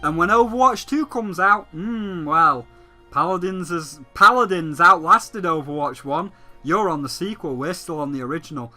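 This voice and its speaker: A man's voice: a little high, moderate pace, pushed and bright, soft background music. A man giving a profane, sarcastic rant as a gaming commentator. He swears freely and mocks the subject as he talks.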